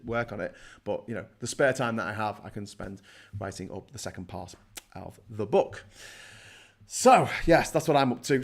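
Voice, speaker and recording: A middle-aged man hosting a casual livestream from his desk, rambling, swearing and joking as he reads out viewer comments. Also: on the low side. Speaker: live show host.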